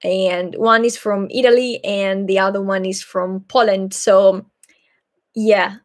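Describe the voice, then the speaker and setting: Speaking English with Greek as her first language, a young woman who teaches Greek and hosts a channel takes her time answering questions on a live Q&A. She sounds hesitant and slightly shy but thoughtful, pausing frequently on fillers at an unhurried pace, her medium-pitched voice holding a steady tone.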